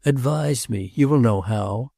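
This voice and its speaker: A male audiobook narrator voicing a restless, earnest princess who speaks gravely and pleads. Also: medium pitch, unhurried, warm tone, no echo, clean studio sound. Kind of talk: audiobook character reading.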